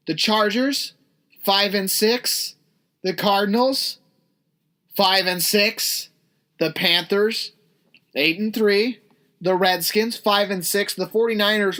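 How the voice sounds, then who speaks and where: A man's voice: high-pitched, sharp tone. Worked-up man ranting about football. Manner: fast, indignant ranting. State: out of breath. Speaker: podcast co-host. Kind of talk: heated sports rant.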